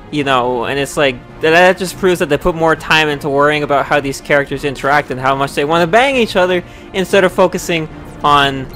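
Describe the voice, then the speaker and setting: A young man talks through his game on a live stream, rambling and off the cuff. His voice sits a little high, and he swears and yells when the game frustrates him. Faint game music plays underneath. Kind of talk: live gameplay commentary.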